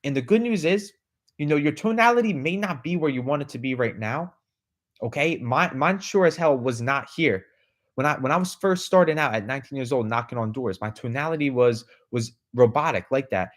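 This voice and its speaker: Speaking a little fast in an expressive, medium-pitched voice, a man hosts a podcast with a motivational talk. He keeps asking the listener questions, adds "right?" and "okay?" to his lines, and repeats words on restarts.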